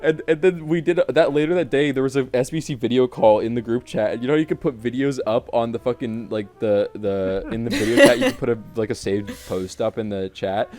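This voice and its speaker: A man's voice: mid-range voice, steady tone, fairly quick, few pauses, a little mellow. A young man co-hosting a casual podcast, rambling through a story while laughing and swearing. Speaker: podcast co-host. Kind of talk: casual chat.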